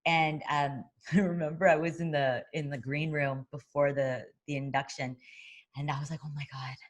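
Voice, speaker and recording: Low-voiced woman telling a story. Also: normal speed. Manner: lively storyteller who acts out quoted voices; frequent fillers and restarts. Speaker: boxing broadcaster and interview guest. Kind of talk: casual interview chat.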